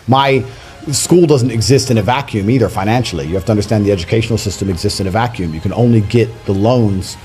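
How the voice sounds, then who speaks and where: A man arguing his views insistently as a podcast guest, dismissive in tone, climbing loud and high when worked up. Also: fast talker, faint music behind. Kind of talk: argumentative talk.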